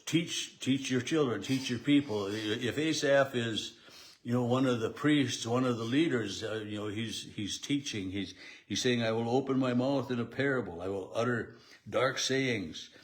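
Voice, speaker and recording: A man of ordinary pitch gives a daily Bible devotion to his camera as a pastor. He talks unscripted and halting, often restarting phrases. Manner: halting, many restarts and fillers. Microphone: camera at home setup.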